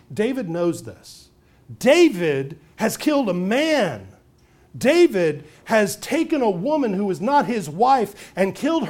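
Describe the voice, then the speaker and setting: A man with a fairly high voice preaches a sermon from the pulpit. He is expressive, dropping into quiet, hushed asides and then swelling to loud, emphatic points. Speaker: pastor.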